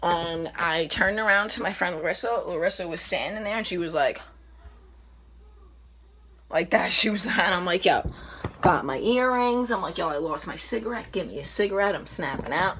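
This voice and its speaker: A woman's voice: fairly low pitch, animated, normal speed, a bit bright, slight background noise. A young woman telling a brash, swearing story for her vlog, recorded indoors on a camera mic. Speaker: vlogger.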